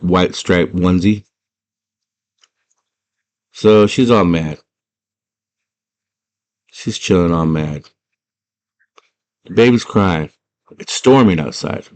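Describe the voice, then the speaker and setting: A man in a casual, slangy movie recap, retelling scenes as an animated storyteller. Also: deep voice, slow, pauses often. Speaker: movie fan retelling a film.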